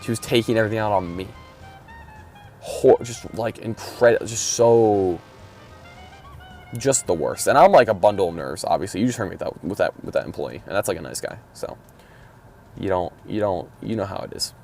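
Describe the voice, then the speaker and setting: Brief: low-voiced guy, rambling, mumbly, swearing, talking from his car. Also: animated, moderate pace, gravelly, darkish tone, soft background music. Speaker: podcast host. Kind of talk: casual solo chat while driving.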